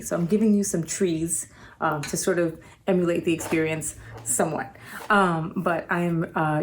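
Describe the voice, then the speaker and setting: A woman with a lowish voice thanks a mentor, pausing often as she searches for words. A faint hiss sits under her voice. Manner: grateful, searching for words, many fillers. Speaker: performer giving a video tribute. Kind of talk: casual spoken tribute. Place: home outdoors among trees.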